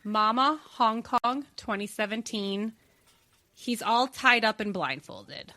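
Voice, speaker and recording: A woman co-hosting a podcast in casual chat, animated and laughing often. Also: on the high side, takes it slowly, dry recording. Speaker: podcast co-host.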